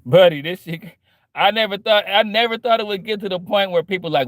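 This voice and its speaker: A vlogger in his forties rants casually and profanely straight into the camera, leaning on "man" and "bro" to drive his points home. His voice sits high and he talks briskly, with no room sound in this casual monologue.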